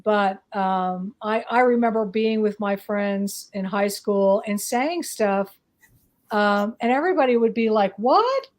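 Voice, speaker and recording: With a medium-pitched, darkish voice and a measured pace, a northeastern US woman appears as a psychic guest in a casual chat. She rambles hesitantly and leans on many fillers.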